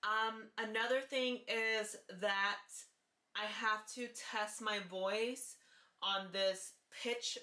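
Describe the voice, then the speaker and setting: Slow, bright-voiced woman vlogging earnestly. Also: medium pitch, roomy sound. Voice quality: light, forward-placed voice. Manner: earnest and deliberate, repeats key phrases. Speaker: vlogger sharing voice therapy progress. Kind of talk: casual talking-to-camera vlog.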